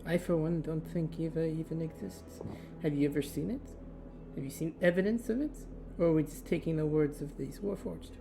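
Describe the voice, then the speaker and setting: A player in a tabletop role-play, speaking in character in a calm, matter-of-fact way. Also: medium pitch, a little fast, gravelly, noisy background.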